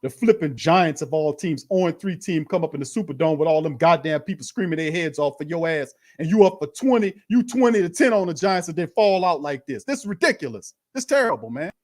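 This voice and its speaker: A man's voice: on the high side, lively intonation, fairly quick, hardly any pauses, darkish tone. A man hosting a sports live stream, ranting heatedly with frequent swearing and stammered restarts. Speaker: sports show host. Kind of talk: live-stream watch party rant.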